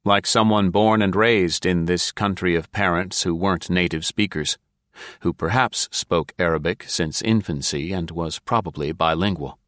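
A male narrator with a very deep, low voice reads a thriller in a steady, measured way. The sound is close and completely dry, like a studio booth. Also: no echo. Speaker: audiobook narrator. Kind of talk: scripted narration.

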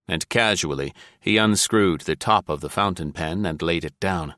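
With a low voice and an even, measured delivery, a man narrates a scripted adventure story as an audiobook reader. There's no room sound, just clean studio audio.

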